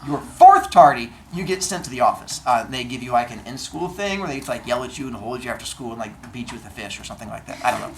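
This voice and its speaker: A male teacher talking to his class in a classroom, telling stories with deadpan comic exaggeration. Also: mid-range voice, quick pace, few pauses, a little hiss or hum. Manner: animated storyteller, acts out exchanges in comic voices. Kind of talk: classroom talk to students.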